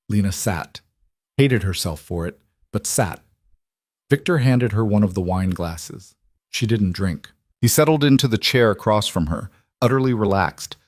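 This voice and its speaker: A man narrating a scripted story in a steady, measured way. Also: on the low side, no echo, studio quality.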